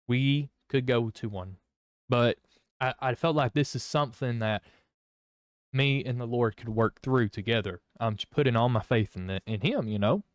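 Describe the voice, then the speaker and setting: A man's voice: medium pitch, no echo, studio quality. Young man sharing his testimony, candid and rambling, with a clean, resonant voice. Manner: rambling, candid, many fillers and restarts. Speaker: vlogger. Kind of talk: personal testimony.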